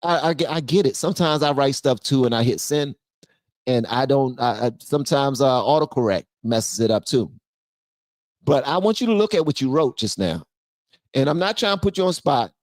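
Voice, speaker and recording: A man hosting a live stream who rants with a lot of energy and reads viewers' chat aloud. He swings between shouting and low muttering. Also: lively intonation, normal speed, no room sound, clean studio sound. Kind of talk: ranting commentary and reading chat on a live stream.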